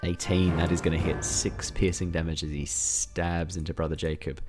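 A man acting as game master, narrating a tabletop game in a relaxed, chatty way and laughing often. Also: low voice, moderate pace, over music.

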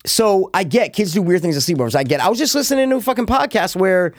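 A man's voice: high voice, fast, no room sound, clean studio sound. A young man co-hosting a podcast, chatting casually and profanely, cutting in often. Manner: animated, profane, jumps in often. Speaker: podcast co-host. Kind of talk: casual chat.

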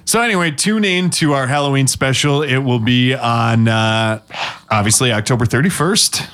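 A man's voice: medium pitch, normal speed, fairly bright tone. A man co-hosting a podcast in casual, jokey chat, rambling and restarting his sentences. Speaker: podcast co-host.

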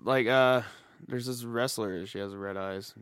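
A man's voice: lowish voice, fairly even intonation, measured pace, fairly bright tone, smooth, dry recording, clean studio sound. A man co-hosting a podcast, chatting casually through a movie commentary, joking and often laughing. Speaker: podcast co-host.

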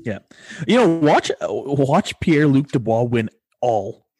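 A man's voice: mid-range voice, very animated, takes it slowly, a little mellow, slight background noise. A young man co-hosting a casual podcast chat, joking crudely and swearing a lot. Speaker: podcast co-host.

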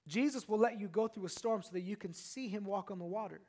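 A male pastor delivering a sermon in a very high voice. He preaches in an animated, repetitive way and keeps calling out to his congregation. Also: fairly quick, few pauses.

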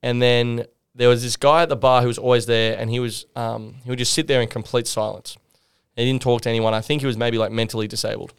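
A young Australian man telling a pub story on a podcast, animated and laughing, acting out the people in it. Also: medium pitch, fast, creaky, hardly any pauses, clear, resonant tone. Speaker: podcast guest. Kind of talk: casual storytelling.

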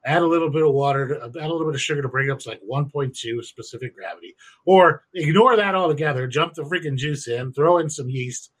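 A man's voice: on the high side, quick pace. Crude joking man explaining home brewing. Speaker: podcast co-host. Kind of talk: casual podcast chat.

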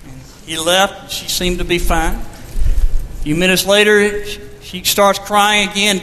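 A man preaching a sermon as pastor, with a measured storytelling manner, recorded in a church sanctuary. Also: high-pitched, fairly even intonation, bright, forceful tone, in a large hall.

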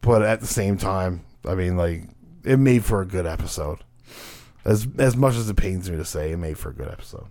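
A man's voice: low voice, brisk. Man, young adult, podcast host, casual profane chat, laughs a lot. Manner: profane, laughing, trailing off quietly.

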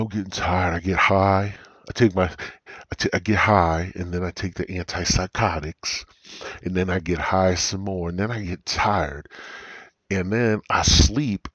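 A man's voice: breathy edge, no room sound, dull audio. A man hosting a solo podcast, rambling in a crude, joking way, drowsy and yawning, talking into a cheap gaming headset. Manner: profane, jokey, drawling, with yawns and sudden high squeals. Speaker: podcast host.

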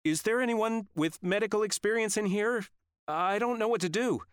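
A man's voice: fairly quick, no echo, studio quality, lightly acted. A man voicing a frightened young woman pleading for help for a wounded friend, in audiobook narration. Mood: anxious. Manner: pleading, high-pitched. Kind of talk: audiobook character voice.

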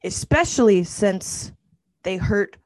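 A woman on a casual comedic advice panel, speaking in a measured, mock-formal way. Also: medium pitch, lively intonation, darkish tone, no room sound.

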